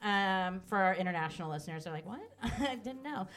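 A woman co-hosting a live podcast, joking and swearing in quick banter. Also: mid-range voice, expressive, a bit bright. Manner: rapid, profane, joking. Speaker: podcast co-host. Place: live event with crowd.

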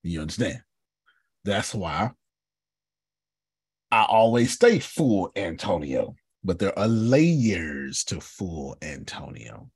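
A man, a bishop, giving an animated teaching talk on a video call, emphatic and repetitive, calling on listeners by name. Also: low voice, slow, pauses often, husky, dry recording, clean studio sound. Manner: emphatic, repeats himself, calls on listeners by name.

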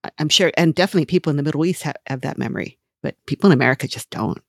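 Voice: mid-range voice, rapid-fire, vocal fry, no echo, clean studio sound. A podcast co-host speaking earnestly and reflectively in casual chat. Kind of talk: casual chat about comics.

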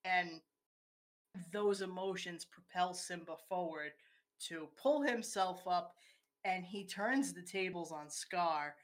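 A woman's voice: lowish voice, slow pace. A woman in casual conversation, walking through a film scene step by step and acting out its quoted lines.

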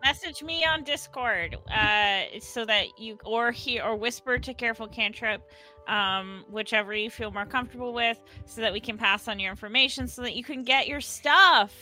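A woman with a high, bright voice co-hosts a live tabletop game stream. She talks in a chatty, giggly way over faint music. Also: normal speed. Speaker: co-host and player.

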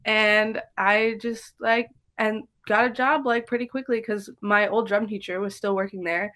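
With a medium pitch, steady tone and fairly bright sound, a young woman speaks at normal speed in a casual podcast interview. She's a drummer and drum teacher, chatting and storytelling with plenty of "likes" and fillers.

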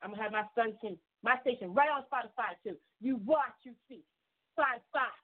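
A woman's voice: a little high, fairly quick. A woman hosting a casual radio show, effusive and encouraging, laughing often as she chats with callers. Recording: tinny phone-like line.

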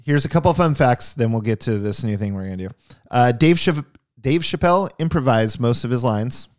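A man's voice: medium pitch, lively intonation, a little fast, darkish tone, dry recording, studio quality. A man hosting a casual movie podcast, reading out fun facts and laughing often as he leads the talk. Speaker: podcast host.

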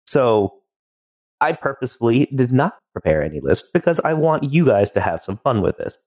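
A male game master leads a tabletop role-play with a lively, up-and-down voice. His delivery is playful and relaxed, at an ordinary pitch for a man. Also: normal speed.

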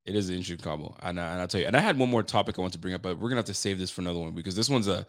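A man guesting on a podcast, chatting casually in quick, loose speech with lots of fillers. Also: low-pitched, dry recording, clean studio sound. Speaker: guest co-host.

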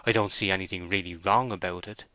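A steady, plain-spoken farm bailiff who weighs each word slowly and gravely, as a male reader puts him on. The voice is low and forceful, with a dry, close sound. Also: no room sound. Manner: slow, grave, homely. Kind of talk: audiobook character voice.

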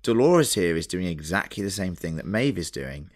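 Brief: lower-voiced man, keen co-host, casual chatter. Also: very animated, moderate pace. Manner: enthusiastic, says "like" often, swears. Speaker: podcast co-host. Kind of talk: casual chat reviewing a TV episode.

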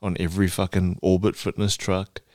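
A man's voice: deep voice, level tone, normal speed, darkish tone, dry recording, clean studio sound. A man hosting a podcast, blunt and swearing casually, calling his guest "bro". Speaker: podcast host.

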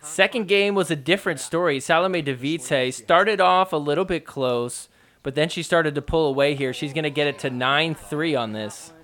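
A man's voice: on the high side, normal speed, fairly bright tone. A man hosting a podcast, giving a casual, joking play-by-play recap of matches and poking fun at the referees. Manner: joking, mocks referees in quoted asides.

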